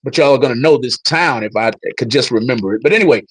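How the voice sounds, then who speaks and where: A man's voice: medium pitch, quick pace, slightly rough, rough recording. A man hosting a casual livestream, talking straight to his viewers and telling a story. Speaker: livestream host.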